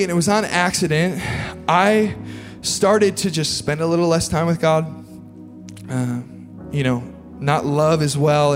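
A man preaching in a slightly higher register, earnest and confessional, his talk loose and full of fillers. His voice rings out with a long hall reverb, and faint music plays underneath. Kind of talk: sermon testimony. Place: large hall with an audience.

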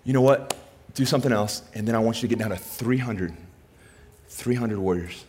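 A man's voice: fairly low pitch, fairly quick, darkish tone, a little hiss or hum, natural voice. A man voicing a casual, friendly divine figure giving plain instructions. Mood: breezy.

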